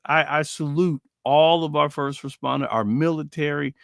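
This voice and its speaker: A man co-hosting a casual faith talk show, telling stories with lively acted-out quotes. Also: a little high, moderate pace, vocal fry, no room sound, clean studio sound. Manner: animated storyteller, acts out quoted voices.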